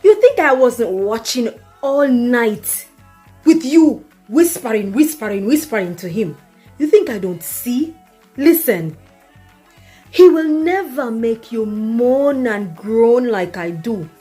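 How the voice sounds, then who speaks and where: A woman's voice: a little high, animated, takes it slowly, mellow, slightly rough, soft background music, full character voice. A woman voicing a blunt, unbothered young Jamaican woman in a comedy skit, lecturing in a patois-laced, dismissive way.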